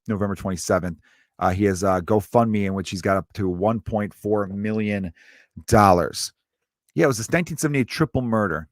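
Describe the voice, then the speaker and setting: A male comedian rants on his podcast, cursing freely and swerving from one topic to the next. His voice sits at a middling pitch in a dry, close-miked sound with no room echo. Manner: ranting, profane, jumps between topics.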